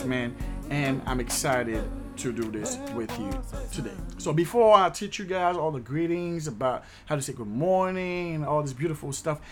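An upbeat, chatty man from Haiti teaching a casual video language lesson, repeating each word slowly. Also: fairly high pitch, over music.

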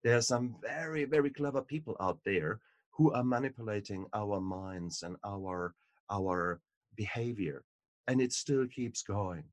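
A male author speaking as a guest on a podcast. His voice is low, and he talks emphatically, repeating words for stress. The sound is dry and close. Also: measured pace, dry recording. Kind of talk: podcast conversation.

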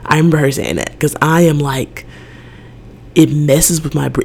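A young woman hosting her own podcast, talking through her feelings in a loose, rambling monologue. Her voice has a gravelly, creaky edge, and she leans on "like" constantly as she circles her thoughts. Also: low-pitched, fairly even intonation, normal speed. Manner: emotional, rambling, heavy use of "like". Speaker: podcast host. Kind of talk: casual personal monologue.

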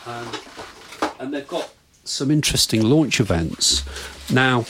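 A man's voice: mid-range voice, animated, a little slow, a crowd in the background. A man, a podcast guest telling bawdy anecdotes in casual chat and acting out the voices in them. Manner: bawdy storyteller, laughing, acts out voices.

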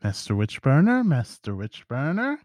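A man's voice: mid-range voice, huge pitch swings, moderate pace, darkish tone, no room sound, studio quality, pitched above the performer's own voice. A man voicing gossiping old women in black in a tabletop game, muttering curt, sly replies. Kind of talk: tabletop game role-play.

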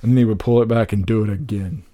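A man in his thirties on a casual podcast, animated and swearing freely, laughing often. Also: lowish voice, quick pace, dry recording. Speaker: podcast co-host.

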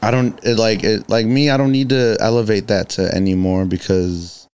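Podcast guest, man from Chicago, low smooth voice, laid-back slangy delivery. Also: steady tone, normal speed, darkish tone. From Chicago, USA. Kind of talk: casual chat.

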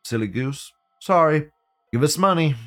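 A man's voice: fairly high pitch, lively intonation, moderate pace, a bit bright. A man voicing a smug, condescending government permit official who talks down in a mocking, patronizing way.

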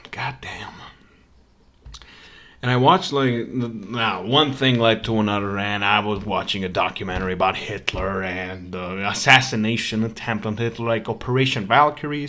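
A man's voice: on the low side, pushed and bright. Podcast host, male, casual rant, swears a lot, stumbles over his words. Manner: profane, rambling, stammering restarts. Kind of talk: ranting casual monologue.

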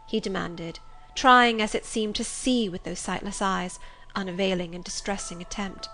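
A woman narrating a story in a measured, expressive reading style. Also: mid-range voice. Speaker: audiobook reader. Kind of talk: scripted narration.

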